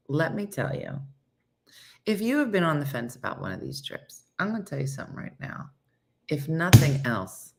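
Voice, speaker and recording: Low-voiced woman hosting chatty morning stream. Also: vocal fry. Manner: chatty storytelling, acts out quotes, laughs often. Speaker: host of a live morning show. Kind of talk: casual live-stream chat reading comments.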